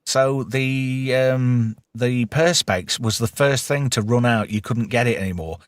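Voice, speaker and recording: A man hosting a loose live-stream chat, reading out viewer comments and swearing freely. His voice sits at an ordinary middle pitch and sounds dry and close, with no room around it. He breaks into loud laughter often. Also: unhurried, no room sound. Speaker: podcast host.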